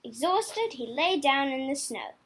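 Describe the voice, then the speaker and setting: A woman reading a children's picture book aloud in a slow, expressive way. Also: high-pitched. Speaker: storybook reader.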